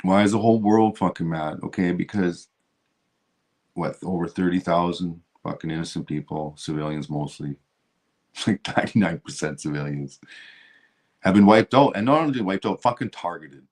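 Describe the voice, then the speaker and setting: A man's voice: sits low, moderate pace, a little mellow. A man hosting a stream, ranting about politics in a heated, profane way with lots of restarts. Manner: heated, swearing, repeats and restarts. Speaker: show host.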